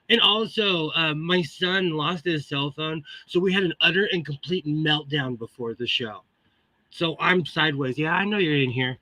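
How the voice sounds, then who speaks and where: A middle-aged man with a shrill voice hosting a casual live stream from his home sewing room on a computer microphone, chatty and laughing as he greets viewers by name. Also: moderate pace, bright, forceful tone, no room sound.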